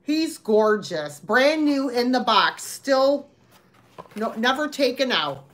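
A woman's voice: fairly high pitch, very animated, takes it slowly, a bit bright. A woman hosting a live sale, talking in a chatty, rambling way with lots of fillers. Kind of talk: live-stream sales chat.

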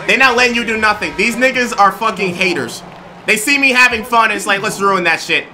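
Loud young male streamer, high and very bright, curses constantly, lively swings. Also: moderate pace. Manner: loud, cursing, exasperated, often shouting. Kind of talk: live gameplay stream. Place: home streaming setup.

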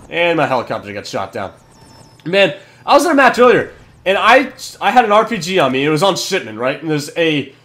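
A young man hosting a gaming channel, giving excitable commentary over his match, swearing and yelling at kills. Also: high-pitched. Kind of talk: gameplay commentary.

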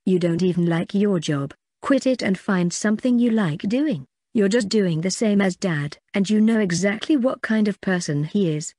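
A woman's voice: medium pitch, moderate pace, hardly any pauses, warm tone, dry recording, studio quality, lightly acted. A woman reading the lines of a cheeky younger sister who speaks bluntly and mocks her brother. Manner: blunt, mocking.

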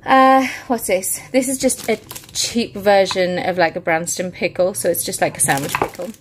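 A woman's voice: mid-range voice, steady tone, normal speed, slight background noise. A woman with a British accent chatting casually on her vlog, listing items one by one and a little out of breath. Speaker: family vlogger.

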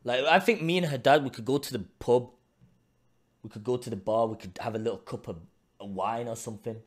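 A man's voice: mid-range voice, fairly quick. A man live streaming, chatting casually, swearing and laughing as he tells stories. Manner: animated, swearing, laughing, storytelling.

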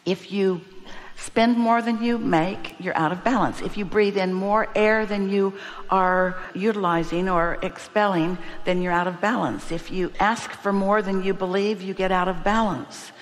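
Woman, seminar speaker, emphatic and repetitive "we" delivery, mid pitch, long hall reverb. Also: steady tone, a little slow. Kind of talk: spiritual teaching to a live audience.

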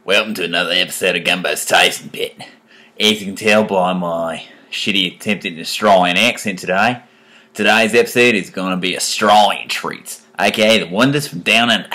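A man's voice: fairly low pitch, little pitch movement, a bit bright, close to an everyday voice. A man faking a clumsy mock Australian accent. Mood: jokey. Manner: deliberately bad put-on accent. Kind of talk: food tasting video.

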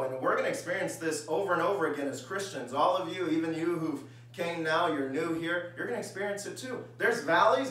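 A male pastor delivers a sermon, reading scripture aloud and shifting into conversational, acted-out voices. His tone is bright and forceful and sits a little high for a man. He sounds a bit distant from the mic in a strongly reverberant church hall. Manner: reads scripture, then acts out everyday voices conversationally. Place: church sanctuary.

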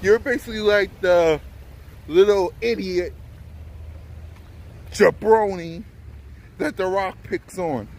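A man's voice: sits high, slow, long pauses, darkish tone. A man vlogging a mocking, taunting sports rant and laughing often, with faint traffic outside. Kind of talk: trash-talking sports rant.

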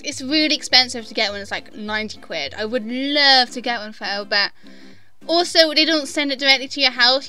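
A woman's voice: sits high, sharp tone, clean tone. A young woman chatting casually in a vlog, answering viewer questions in a giggly, self-deprecating way. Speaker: gaming vlogger.

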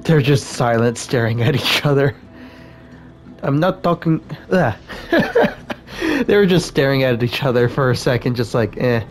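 A man's voice: mid-range voice, normal speed, faint music behind. A man playing a game on video, commenting casually, swearing, and reading the characters' dialogue aloud in shifting put-on accents. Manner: swears casually, stumbles and restarts, reads character lines in shifting mock accents. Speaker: let's play gamer.

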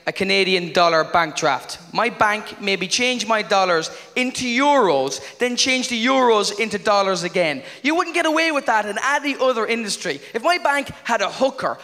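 High-voiced Irish stand-up in a reverberant hall. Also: male voice, pushed and bright. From Ireland. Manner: wry, quick storytelling with acted-out asides. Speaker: stand-up comedian. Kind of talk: stand-up comedy routine. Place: live comedy venue with audience. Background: audience laughter and room noise.

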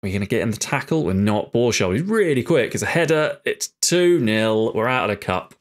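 A man's voice: medium pitch, sing-song, fairly quick. A man commentating his own football management game, muttering and swearing in frustration as his team plays badly. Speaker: gaming YouTuber. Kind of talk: live football-sim commentary.

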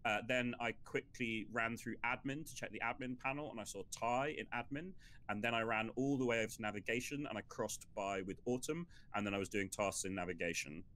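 Insistent man with a bright tone. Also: mid-range voice, brisk. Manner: insistent, builds a case. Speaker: player. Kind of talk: game chat.

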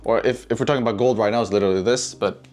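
A man's voice: lowish voice, fairly even intonation, very fast, a little mellow. A man giving a casual trading lesson, cursing freely, addressing his chat and tagging lines with "right?". Faint music sits underneath. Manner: profane, keeps asking "right?", addresses chat. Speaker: trading educator.

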